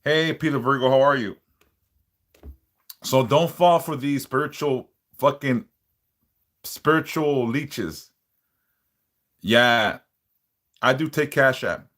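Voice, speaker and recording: Blunt, cussing male livestream host, casual chat with viewers, mid-range pitch. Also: takes it slowly, pauses often, fairly bright tone. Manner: blunt, profane, warning viewers. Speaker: livestream host, spiritual worker.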